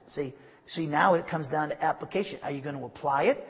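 A man's voice: fairly high pitch, expressive, a little fast, vocal fry, breathy edge, big-room sound. A man preaching a sermon as pastor, emphatic, with frequent asides and restarts.

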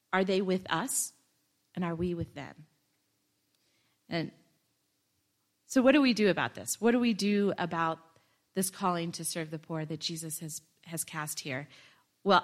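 Woman preaching a casual sermon. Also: on the low side. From Ohio, United States. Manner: conversational, self-deprecating asides.

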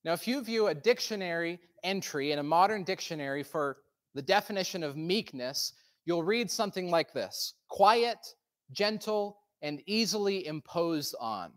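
A man preaching a sermon, praying in an earnest, measured way and then telling a story to the congregation. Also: high-pitched, expressive. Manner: earnest, measured, with soft slowed prayer. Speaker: pastor.

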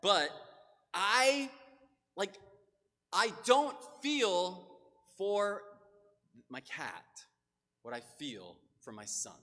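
A man's voice: high-pitched, very animated, very slow, pauses often, sharp tone. A man preaching a sermon in a conversational, casual way, with loose asides and filler words. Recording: long hall reverb.

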